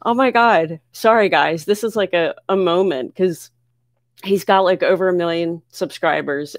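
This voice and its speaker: A woman from the United States hosting a casual livestream, reading viewer comments aloud and answering questions in an excitable, chatty way. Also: on the low side, normal speed, no room sound, studio quality. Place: home near Philadelphia.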